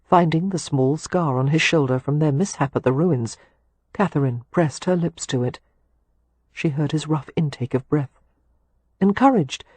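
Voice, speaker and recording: A woman narrating a romance audiobook in a measured, intimate way. Her voice is husky and breathy, recorded close and completely dry. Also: low voice, darkish tone, dry recording.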